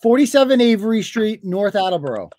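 A man's voice: high-pitched, sing-song, a little fast, a crowd in the background. A man hosting a talk show, needling his guest with mocking questions. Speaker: host. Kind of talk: confrontational talk show interview.

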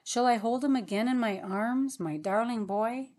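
A woman reading the part of a tender sister who longs for her absent son, in a soft pleading manner. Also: on the high side, moderate pace, pitched above the performer's own voice, natural voice. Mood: yearning. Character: tender longing woman, a departed mother of a son.

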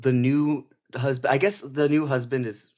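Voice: medium pitch, steady tone, normal speed, darkish tone. A podcast co-host in casual film-review chat, riffing sarcastically.

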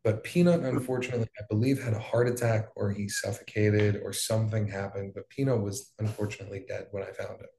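A young man from Hawaii, a wildfire survivor appearing as a guest, tells his story in loose, rambling talk packed with fillers and swearing. His low, flat-pitched voice is fast and dark with vocal fry, hardly pausing, in an echoey room.

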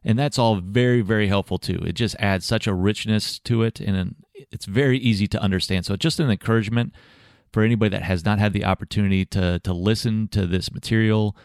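Male host, low smooth voice, measured and encouraging, dry recording. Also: steady tone, darkish tone, no echo. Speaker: podcast host. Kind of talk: interview hosting.

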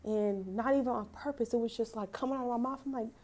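A young woman with a mellow, warm voice hosts a devotional podcast. She reads verses aloud and talks them through in an earnest, heartfelt way. She often stops mid-sentence to correct herself. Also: on the high side, quick pace. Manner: earnest, emotional, self-correcting. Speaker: podcast host. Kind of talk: casual devotional talk.

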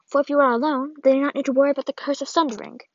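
A woman reading the farewell letter of an old, ailing grandmother in a solemn, measured way, on a dull, lo-fi recording. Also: high-pitched, steady tone, no room sound, natural voice. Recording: dull, lo-fi dry read.

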